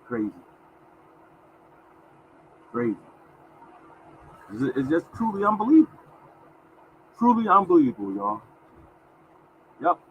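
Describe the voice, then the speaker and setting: A man's voice: a little high, very animated, slow pace, pauses often, slight background noise. Man, 50s, livestream host, folksy chat, repeats phrases, muffled lo-fi sound. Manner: folksy, repeats phrases, addresses viewers as y'all. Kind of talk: casual livestream talk.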